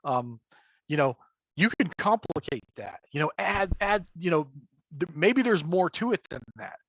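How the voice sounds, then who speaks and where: Speaking as a livestream guest, this middle-aged game master and crafter chats loosely about running games, laughing often and using plenty of fillers. He has a fairly high, expressive voice at a moderate pace, a bit bright, though the audio sounds dull with slight background noise.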